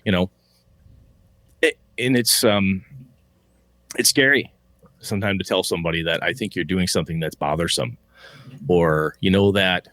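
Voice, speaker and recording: A man's voice: sits low, moderate pace, long pauses, a bit bright, no room sound. A man co-hosting a casual podcast chat, rambling loosely, swearing offhand and acting out quotes. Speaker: podcast co-host.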